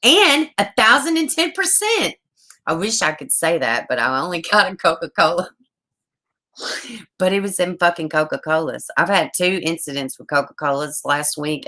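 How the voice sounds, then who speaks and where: A woman, chatting on a true crime livestream from home, rambling, excitable and swearing often. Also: deep voice, moderate pace, low-quality recording. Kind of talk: casual livestream chat.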